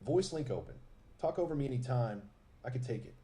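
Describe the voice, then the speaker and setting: TARS, a man voicing a deadpan robot. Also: mid-range voice, brisk, natural voice. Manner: deadpan, terse quips. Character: dry-witted robot assistant, male, wry and blunt. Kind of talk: text-to-speech robot voice.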